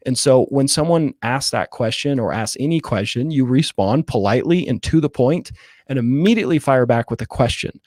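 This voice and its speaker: A man in a casual interview breaks down his sales-call approach and acts out what he says on the phone. His voice sits at a middle pitch and sounds close and dry. He keeps checking in with "right?" as he goes. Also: dry recording. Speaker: real estate wholesaler guest.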